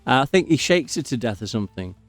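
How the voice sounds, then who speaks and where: A man's voice: medium pitch, very animated, fast, no echo. Man, casual gameplay commentary, rambling, digressive, dry sound, faint background music. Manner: rambling, digressive, easily sidetracked. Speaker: gaming channel host. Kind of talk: casual commentary while playing a game.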